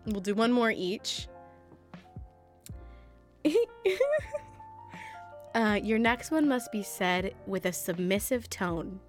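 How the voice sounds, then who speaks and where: A woman's voice: medium pitch, takes it slowly, pauses often, soft background music. A woman co-hosting a casual podcast, bubbly and giggling often between lines. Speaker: podcast co-host. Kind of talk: casual chat, party game.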